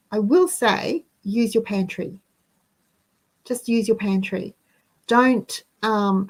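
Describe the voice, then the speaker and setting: Over poor audio, a woman with a medium-pitched voice hosts a casual live chat, talking to her audience and reading out viewer comments. She's chatty and sounds out of breath.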